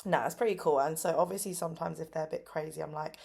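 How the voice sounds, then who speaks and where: Chatty young woman vlogger, lower voice. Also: steady tone, quick pace, vocal fry, darkish tone, breathy edge. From England. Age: 20s. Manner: upbeat, lots of fillers, acts out kids' voices with big pitch jumps. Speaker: English teacher vlogger. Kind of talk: casual chatty storytelling. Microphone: phone camera.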